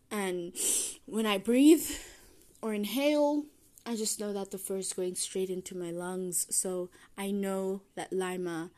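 A woman's voice: fairly low pitch, dark tone. A young woman hosting a solo podcast, rambling casually, trailing off and correcting herself as she goes. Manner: meandering, self-deprecating, trails off and restarts. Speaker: podcast host.

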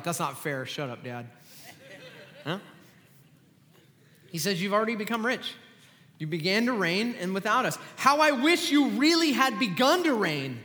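Male pastor, middle-aged, animated joking sermon, high bright tone, reverberant hall. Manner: animated, sarcastic and joking, with quick asides.

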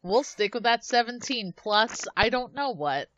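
A woman's voice: fairly high pitch, animated, a little slow, a bit bright, muffled recording, a little hiss or hum. A woman player in a tabletop game, talking casually with a playful, bold manner.

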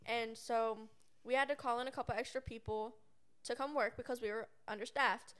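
A woman's voice: on the high side, steady tone, fairly quick, a bit bright. A young woman telling a rambling work story in casual chat as a podcast co-host. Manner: rambling, many fillers and restarts.

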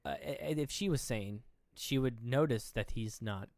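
A man's voice: mid-range voice, normal speed, gravelly, darkish tone, dry recording, studio quality. A man co-hosting a podcast, talking casually about a movie and retelling its scenes in a rambling way. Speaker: podcast co-host.

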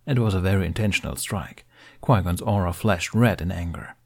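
Man, deep-ish voice, steady audiobook narrator, fan fiction reading. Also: moderate pace, gravelly.

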